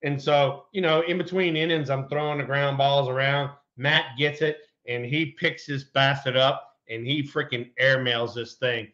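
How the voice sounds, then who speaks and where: Profane ex-ballplayer telling stories, lo-fi. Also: male voice, mid-range voice, moderate pace, few pauses. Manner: relaxed, profane, colorful anecdotes. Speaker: former pro baseball player, podcast co-host. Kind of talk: casual sports chat and storytelling.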